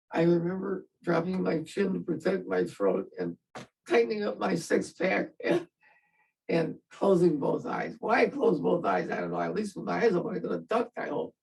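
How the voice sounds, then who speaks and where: A man's voice: high-pitched, sing-song, moderate pace, creaky, darkish tone, recorded from a distance, low-quality recording. An older man, a veteran, telling his story in an interview in a wry, self-mocking way and laughing at himself.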